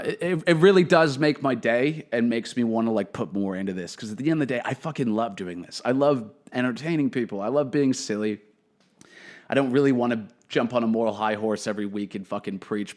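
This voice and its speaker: A man hosting his own comedy podcast alone, delivering a profane, opinionated monologue into a podcast microphone. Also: medium pitch. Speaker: podcast host.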